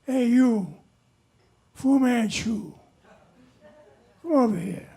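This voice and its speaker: Comic bit: older man voicing a brash male customer, loud and husky, with a slow drawl. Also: very high-pitched, exaggerated voice. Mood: pushy. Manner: brash and blustering.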